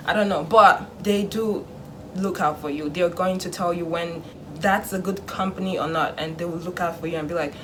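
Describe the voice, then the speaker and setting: A young woman vlogging in casual chat, animated, acting out her parents in a hushed voice. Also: fairly low pitch, moderate pace, slight background noise.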